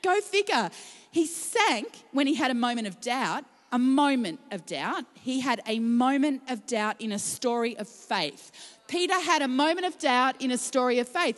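A woman preacher speaks with a somewhat high voice. She keeps her sermon conversational, often starting with "can I just say". The sound carries a long reverb from the large hall. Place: large room with a gathered congregation.

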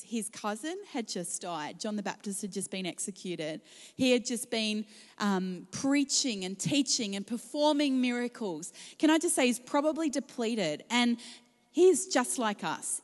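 A woman preaching a sermon to a congregation in a room, talking in a conversational way and often asking "can I just say". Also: on the high side. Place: large room with a gathered congregation. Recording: long hall reverb.

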